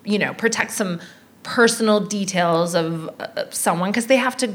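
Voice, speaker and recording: A woman comedian chatting as a guest on stage, frank and candid, telling stories with quick asides. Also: medium pitch, a bit bright. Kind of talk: casual chat. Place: live theatre stage.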